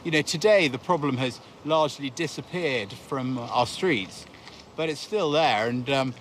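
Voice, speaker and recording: A man's voice: mid-range voice, measured pace, a bit bright, a little hiss or hum. A man, a former undercover reporter, speaking reflectively and hesitantly in an interview.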